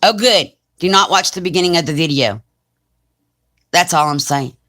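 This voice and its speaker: Southern lady in her 40s, lowish voice, chatty and teasing, live crafting stream. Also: moderate pace, bright, forceful tone. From Alabama, US. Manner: chatty, teasing, reads comments aloud. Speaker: crafting channel host. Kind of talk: casual live-stream chat.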